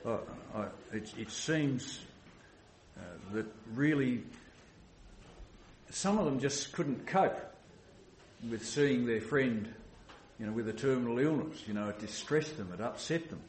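Male pastor, mid pitch, earnest sermon voice, echoey church room with faint ambience. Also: lively intonation, unhurried, darkish tone, a little hiss or hum. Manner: earnest, with many restarts and "you know"s.

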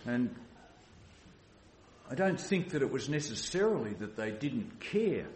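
Male pastor, mid pitch, earnest sermon voice, echoey church room with faint ambience. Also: big pitch swings, unhurried, darkish tone, slight background noise. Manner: earnest, with many restarts and "you know"s.

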